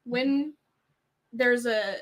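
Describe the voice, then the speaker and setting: A woman's voice: a little high, extremely slow. A woman guest on a whisky live stream, chatting casually with a giggly, supportive manner. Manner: giggly, supportive listener with frequent laughs. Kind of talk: casual chat.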